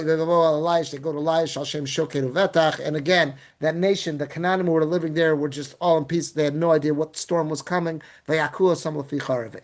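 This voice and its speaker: A man teaching as a rabbi, reading Hebrew verses and then retelling them in casual, animated English. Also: fairly high pitch. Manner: animated storytelling. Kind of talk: Torah class.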